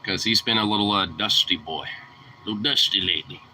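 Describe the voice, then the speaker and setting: A man's voice: on the low side, a little fast, noisy background. A young man talking casually to his dog, teasing it, laughing often and swearing freely. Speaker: vlogger.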